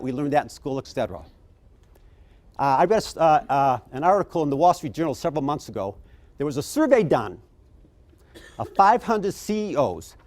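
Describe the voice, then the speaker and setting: A middle-aged man speaks to a conference audience, his voice a touch higher than most men's. He tells stories in a lively way and jumps his pitch up when he acts out the people in them. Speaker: keynote speaker. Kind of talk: conference keynote storytelling.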